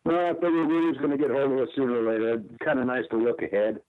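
A man's voice: medium pitch, fairly even intonation, fast talker. A man from Alabama calling in to a radio show, laid-back with short replies. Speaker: caller. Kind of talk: casual chat on a call-in radio show. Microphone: telephone. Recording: tinny phone line.

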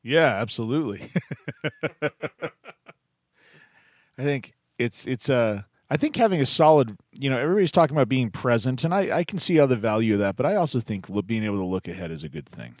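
A man's voice: medium pitch, expressive, brisk, a little mellow, no echo, clean studio sound. A man hosting a call-in radio show in an easygoing, chatty way. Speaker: radio host.

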